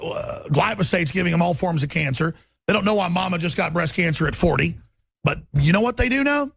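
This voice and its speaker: A man's voice: high voice, gravelly, fairly bright tone, no echo. A man hosting a talk-radio show, ranting in an impassioned, repetitive monologue into a studio microphone. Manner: ranting, repetitive, acts out quotes in mocking voices.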